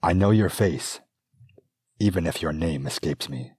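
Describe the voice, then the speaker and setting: A man's voice: sits low, a little slow, a little mellow, slightly rough, no echo, studio quality. A man reading an audiobook, voicing a weary young princess regent who speaks in a subdued, formal way. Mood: composed.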